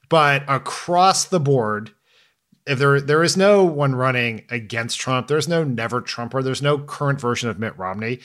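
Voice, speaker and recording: A man co-hosting a political podcast, talking in quick bursts with plenty of emphasis. His voice sits at an ordinary middle pitch, and he sounds lively and animated throughout. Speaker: podcast co-host. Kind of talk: casual political chat.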